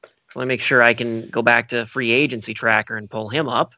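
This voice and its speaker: A man's voice: medium pitch, fairly even intonation, fairly quick, sharp tone, no room sound. A man on a podcast, thinking aloud in casual chat, with lots of fillers.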